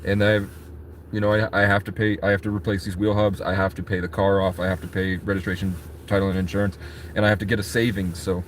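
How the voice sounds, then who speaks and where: A man's voice: deep voice, little pitch movement, fast talker, background noise. Rambling, foul-mouthed man vlogging. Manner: rambling, profane, talks to chat. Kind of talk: casual rambling vlog chat.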